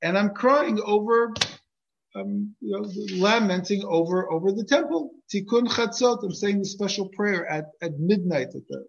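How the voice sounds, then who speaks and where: Guy doing an earnest old rabbi, gentle, kinda raised voice, lo-fi sound. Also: high-pitched, animated, normal speed, creaky, pitched above the performer's own voice. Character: pious elderly male grand rabbi, earnest. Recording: dull lo-fi recording.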